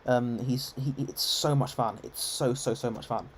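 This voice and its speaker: A man's voice: medium pitch, fairly even intonation, normal speed, slight background noise. A man with an English received-pronunciation accent, giving chatty live gameplay commentary full of ums and restarts. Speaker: game streamer.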